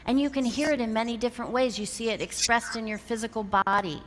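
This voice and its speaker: A woman giving an animated, story-driven motivational talk, acting out dialogue and landing emphatic lessons. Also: on the high side, fast talker. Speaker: motivational speaker. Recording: reverberant hall, faint background noise.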